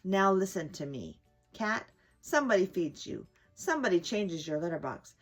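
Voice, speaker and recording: A woman voicing a chatty male squirrel who lectures a cat through a window, in a lively storybook reading with soft music behind. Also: lowish voice, moderate pace. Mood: earnest. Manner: lecturing, earnest.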